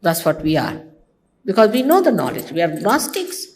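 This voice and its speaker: A woman's voice: medium pitch, big pitch swings, normal speed, a little mellow, a little hiss or hum. An older woman from India, a spiritual teacher giving a conversational devotional talk to her followers, teasing and mimicking others. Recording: archival talk recording.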